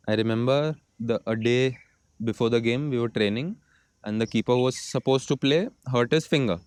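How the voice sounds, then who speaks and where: Smooth-voiced young Indian man. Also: mid-range voice. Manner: relaxed storytelling, mixing Hindi into English. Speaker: guest, football goalkeeper. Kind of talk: casual podcast conversation.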